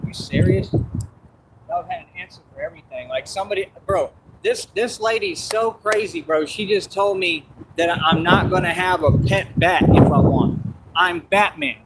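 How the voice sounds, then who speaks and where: A man rants defiantly at his viewers, repeating himself and calling them out. His voice sits a little high for a man. Loud background noise runs under the whole recording. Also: moderate pace. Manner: defiant, repetitive, addresses viewers as y'all. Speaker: vlogger. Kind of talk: direct-to-camera rant.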